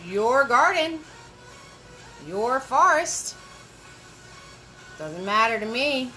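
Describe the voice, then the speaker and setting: A woman hosts a live painting class with a bright, fairly high voice. She walks through each brushstroke slowly and patiently, cheering on her viewers. Soft music plays behind her. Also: very animated, poor audio. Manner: chatty and encouraging, greets viewers by name; slow step-by-step instructions. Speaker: paint party instructor. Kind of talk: live-streamed painting lesson.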